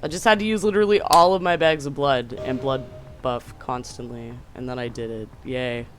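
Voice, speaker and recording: A game streamer giving casual live commentary, swearing often, yelling at enemies and chatting with viewers. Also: medium pitch, normal speed, music in the background.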